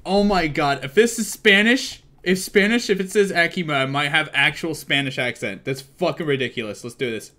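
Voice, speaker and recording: A young man streaming a game live and chatting casually, excitable and swearing freely as he thinks aloud. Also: on the high side, moderate pace, hardly any pauses, slight background noise.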